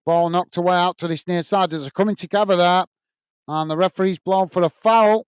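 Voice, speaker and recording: A man hosts a live football watch-along in a casual, chatty way, greeting viewers and calling the action. His voice is smooth and slightly high. The sound is dry and close to the mic. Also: steady tone, fairly quick, no room sound. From United Kingdom. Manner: chatty, reads out viewer messages, calls play-by-play. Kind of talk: casual live commentary and chat reading.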